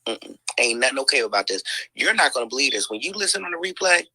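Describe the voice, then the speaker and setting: Her voice is extremely low and sharp, slightly rough, very animated and fast as she hosts a livestream of heated commentary. She exclaims, swears a lot, sighs, and says "mm-mm" often, captured in a dry, rough recording.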